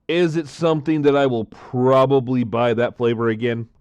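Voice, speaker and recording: A man chatting casually to camera while tasting drinks, rambling, repeating himself and filling pauses with frequent "uh, um" sounds. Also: mid-range voice, fairly even intonation, a little mellow, clean tone, dry recording.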